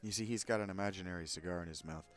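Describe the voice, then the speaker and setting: A man giving casual, joking commentary over a video game in quick, quiet asides. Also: low voice, faint music behind. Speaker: gameplay commentator.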